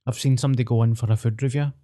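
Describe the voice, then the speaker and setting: A man's voice: mid-range voice, fairly even intonation, very fast, mellow. A Glaswegian man co-hosting a podcast, joking bluntly with plenty of swearing. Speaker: podcast co-host. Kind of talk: casual chat.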